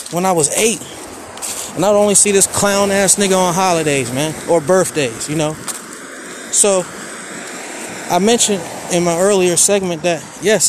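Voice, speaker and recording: A man in his forties from Maryland hosting a podcast, talking candidly and emotionally in slangy speech, swinging from quiet to heated. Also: high-pitched, noisy background. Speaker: podcast host. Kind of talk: personal monologue.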